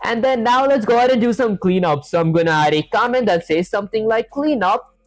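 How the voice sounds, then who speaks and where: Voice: medium pitch, animated, fairly quick, no echo, faint music behind, low-quality recording. A streamer learning to code live, talking through every step aloud and often saying "honestly" and "that said". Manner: talks through each step, leans on "honestly" and "that said". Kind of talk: live coding stream, reading chat aloud.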